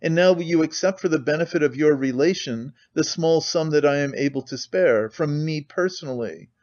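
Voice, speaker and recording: A man voicing a calculating, pompous middle-aged suitor who talks in a measured, formal way, full of hedging phrases. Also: on the high side, a little mellow, muffled recording, lightly acted.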